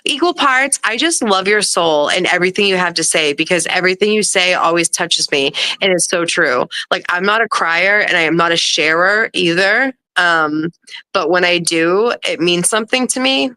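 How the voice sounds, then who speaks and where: A woman in her thirties, co-hosting a casual livestream chat, talking bluntly with frequent swearing and warm encouragement. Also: fairly low pitch, moderate pace, clear, resonant tone, dry recording, low-quality recording. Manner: blunt, profane, supportive. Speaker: livestream co-host.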